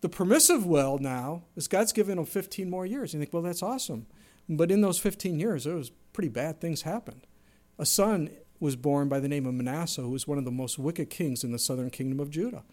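Animated, lively middle-aged male pastor. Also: fairly quick. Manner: animated, acts out quotes with sudden pitch and volume swings. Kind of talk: sermon.

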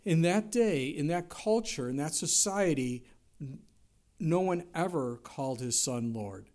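A middle-aged man preaching a sermon, telling stories in an animated way and jumping his voice up for quoted lines. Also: fairly high pitch, measured pace. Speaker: pastor.

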